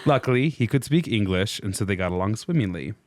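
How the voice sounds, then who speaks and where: A man co-hosting a podcast, relaxed and reactive, with quick asides. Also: fairly low pitch, no room sound. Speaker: podcast co-host. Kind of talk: casual chat.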